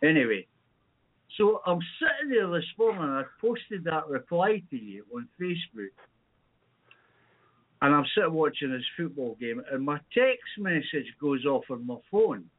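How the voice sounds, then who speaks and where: A man with a Scottish accent co-hosting an internet radio show, telling an anecdote in an animated, profane way. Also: on the high side, measured pace, slightly rough. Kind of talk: casual chat, anecdote. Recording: tinny phone-like line.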